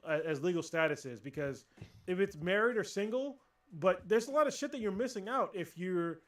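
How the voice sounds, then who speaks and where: A man co-hosting a casual livestream podcast, ranting and swearing freely in animated chat. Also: high-pitched, normal speed. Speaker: podcast co-host.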